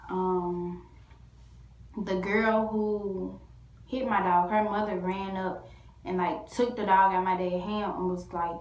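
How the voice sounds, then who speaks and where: Female vlogger, rambling casual storyteller, mid-pitched voice, echoey room. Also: fairly even intonation, slow. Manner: rambling, full of "like" and restarts.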